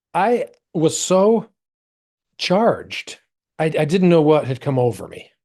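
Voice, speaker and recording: Brief: middle-aged American man, podcast guest, expressive storyteller who jumps into quoted voices. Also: vocal fry. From United States. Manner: animated, acts out quoted voices with big pitch jumps. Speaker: actor. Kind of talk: personal storytelling in a podcast interview.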